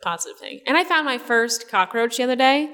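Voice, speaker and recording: A woman's voice: fairly high pitch, lively intonation, fast, bright, forceful tone, long reverb tail. A young woman from the Jersey Shore, telling stories in a casual interview, rambling, laughing and saying "like" often. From New Jersey Shore. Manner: rambling, laughing storyteller, many likes. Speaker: guest.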